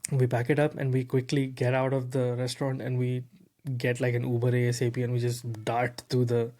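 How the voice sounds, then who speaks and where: Man, podcast host, casual rambling story, animated, many fillers. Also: mid-range voice, brisk. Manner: animated, repeats words, heavy fillers like "bro" and "you know".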